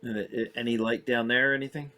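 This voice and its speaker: A man's voice: medium pitch, flat delivery, fast talker, pushed and bright. A man taking part as a player in a tabletop game, asking stammering, hesitant questions. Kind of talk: casual tabletop play.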